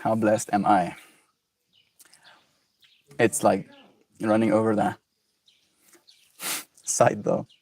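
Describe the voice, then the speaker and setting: A man streaming live, chatting casually in a soft, rambling, musing way. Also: lowish voice, monotone, drawn-out words, creaky, pauses often, far from the mic.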